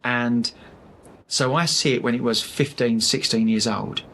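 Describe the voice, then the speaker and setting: A man's voice: medium pitch, fairly even intonation, unhurried, fairly bright tone, slight background noise. A man, a guest on a design podcast, telling long stories with fillers and restarts. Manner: chatty storyteller, many fillers and restarts. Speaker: sales rep for architectural film, podcast guest. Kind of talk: casual podcast interview.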